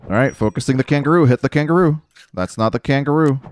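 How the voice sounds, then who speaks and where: A man's voice: medium pitch, fast, dry recording. A man streaming a game with casual commentary, talking to himself, mocking his own moves and swearing now and then. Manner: self-mocking, talks to himself while playing; swears casually, says dude a lot. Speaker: gaming streamer.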